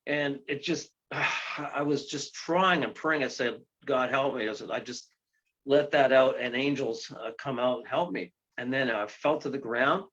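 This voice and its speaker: A man of ordinary pitch tells a long story as an interview guest. He rambles, restarts his sentences and breaks into excited exclamations. The recording sounds dull and lo-fi. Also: unhurried. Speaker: guest, ghost tour guide and paranormal investigator.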